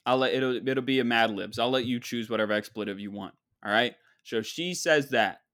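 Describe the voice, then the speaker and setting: A man's voice: mid-range voice, fairly quick, a bit bright. A man hosting a podcast, telling a comedic story in a rambling, sarcastic, mock-boastful way. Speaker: podcast host.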